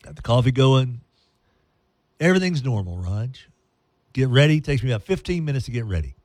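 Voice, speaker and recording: On his radio show, a man spins a long comic story with animated, playful delivery and goofy character voices. He speaks briskly in a mid-range voice with no room sound.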